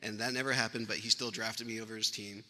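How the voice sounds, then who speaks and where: Eulogy read: man, very bright tone, rambling and anecdotal, long hall reverb. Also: on the low side, fairly even intonation, quick pace. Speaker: family member giving a eulogy. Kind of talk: funeral eulogy storytelling. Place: funeral venue hall.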